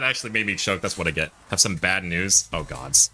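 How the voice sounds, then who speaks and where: A man's voice: low voice, expressive, brisk, sharp tone, soft background music. A young man streaming live, chatting in a rambling, restarting way with frequent swearing while he plays a driving game. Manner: rambling, restarts sentences, swears and laughs often.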